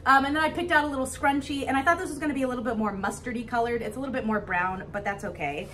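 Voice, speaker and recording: A young woman vlogging casually to camera, bubbly and gushing with excitement. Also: on the high side, very fast, far from the mic, slight background noise. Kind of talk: casual vlog talk to camera.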